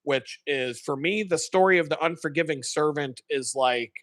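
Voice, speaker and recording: A man chats casually to his live-stream viewers, rambling through a story with plenty of swearing and self-corrections. His voice is bright and forceful and sits a little high. The sound is close and dry. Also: normal speed, dry recording. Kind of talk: casual chat, retelling a sermon.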